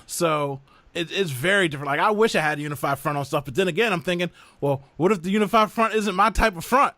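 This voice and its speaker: With a high voice and a quick pace, a man hosting a podcast chats informally about his family, being a father himself. He's an animated storyteller who mimics other people's voices as he goes, and there's no echo.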